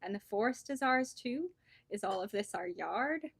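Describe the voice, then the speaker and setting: A woman voicing an excited little girl in a storybook reading, high and squeaky. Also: normal speed, vocal fry, breathy edge, dry recording.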